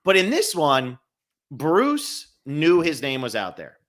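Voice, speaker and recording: A man's voice: on the high side, wildly swooping pitch, slow pace, fairly bright tone. A man hosting a podcast, conversational and explaining at length. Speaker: podcast host. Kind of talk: casual podcast chat.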